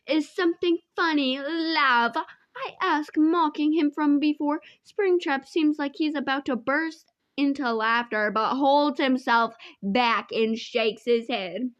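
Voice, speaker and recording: A young woman with a high voice reads a fanfic aloud, often slipping into giggles. The sound is dry and dull, a lo-fi home recording. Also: slow pace, no echo. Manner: giggly, often breaks into laughter. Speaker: fanfic reader. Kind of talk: casual fanfic reading aloud.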